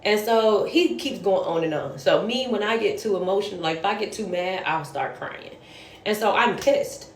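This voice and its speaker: A woman's voice: mid-range voice, expressive, moderate pace, slight background noise. A woman telling a casual story about her work as a nanny, blunt and profane, sounding exasperated. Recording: roomy echo.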